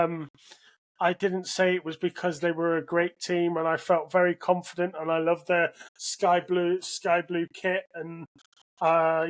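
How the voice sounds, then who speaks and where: A British man co-hosting a podcast, telling a rambling anecdote in casual chat with many restarts. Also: high-pitched. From Britain. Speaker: podcast co-host.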